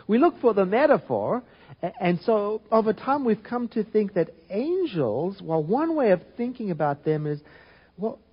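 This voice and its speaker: A man giving an informal spiritual talk, reflective and gentle, often restarting and trailing off softly. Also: fairly high pitch, breathy edge, dull audio. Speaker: spiritual teacher.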